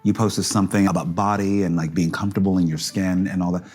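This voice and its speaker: A man's voice: low voice, steady tone, a little mellow, breathy edge, soft background music. A man hosting a talk show, effusive and playful as he asks his guests questions. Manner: effusive, playful, quick to laugh. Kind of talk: casual interview chat.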